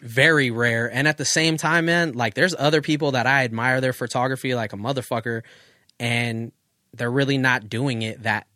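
A man in his thirties tells stories in a relaxed, profane podcast chat, his mid-pitched voice recorded close and dry with no room sound. He speaks as a working photographer looking back on his life. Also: normal speed, no room sound. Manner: loose, profane, reflective storytelling. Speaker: guest photographer.

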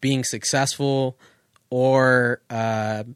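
A man's voice: medium pitch, fairly even intonation, drawn-out words, smooth, no room sound, studio quality. A man in his thirties, a photographer, chatting casually and reflectively on a podcast, loose and full of profanity. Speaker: guest photographer.

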